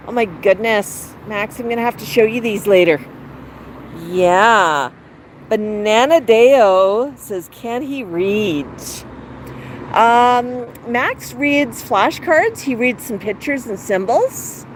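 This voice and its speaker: A woman's voice: fairly high pitch, lively intonation, slow pace, low-quality recording. A woman hosting a casual livestream with her pet bird, cooing baby talk to it and chatting with viewers. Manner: coos baby talk to the bird and reads out chat comments. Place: outdoor patio. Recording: outdoor traffic noise. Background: passing cars.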